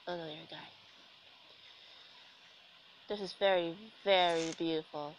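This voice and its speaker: Lowish and steady, this young woman's voice comes a little slowly with frequent pauses, her throat sore from being sick. She's a gaming commentator giving chatty let's-play commentary laced with sarcasm and self-deprecation. The low-quality recording has slight background noise.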